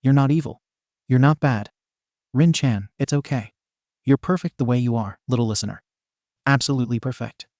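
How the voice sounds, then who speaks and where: A man doing a gentle, cheerful hero teacher. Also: medium pitch, moderate pace, pauses often, no room sound, studio quality, natural voice. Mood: soothing. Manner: gentle, reassuring. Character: kind, cheerful male pro hero teacher.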